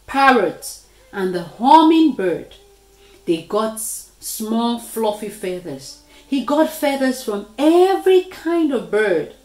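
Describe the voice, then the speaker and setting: A woman reading a children's story aloud in a slow, expressive way. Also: mid-range voice. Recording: echoey room.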